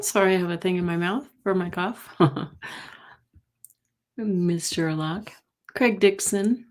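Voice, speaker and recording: A woman's voice: lowish voice, slow, pauses often. A woman hosting a psychic livestream from home, chatting casually and greeting viewers by name. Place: home in Colorado.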